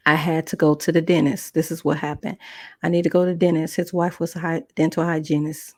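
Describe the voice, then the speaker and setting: A woman with a fairly low speaking voice tells a personal story as a podcast host. She talks loosely and conversationally, breaking off and restarting, and leaps up in pitch when she acts out what people said. The sound is dry and close. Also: fairly quick, no echo. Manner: animated, acts out quotes with big pitch jumps.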